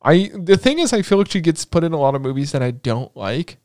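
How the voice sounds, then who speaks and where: A young man chats on a podcast in a slightly raised voice, excitable and rambling, cracking jokes. The sound is dry and close. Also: fairly high pitch, a little fast, no room sound. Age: young adult. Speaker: podcast co-host. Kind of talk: casual chat.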